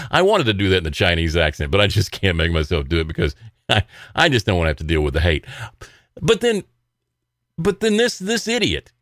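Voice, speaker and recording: A man's voice: medium pitch, a bit bright, no room sound, clean studio sound. A man from the South, hosting an opinionated commentary show in a sarcastic, mocking way and laughing between points. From American South.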